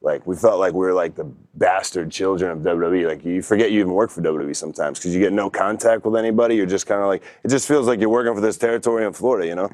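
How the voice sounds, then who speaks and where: Man, young adult, very low voice, dry close sound; easygoing guest who rambles through anecdotes. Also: racing, few pauses, darkish tone, dry recording. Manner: laid-back, rambling, full of fillers. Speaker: podcast guest. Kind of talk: casual storytelling.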